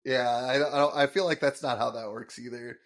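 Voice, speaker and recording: Relaxed man recapping an episode. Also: medium pitch, fairly quick. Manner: relaxed, explanatory, lots of fillers. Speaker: podcast co-host. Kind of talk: casual chat recapping an episode.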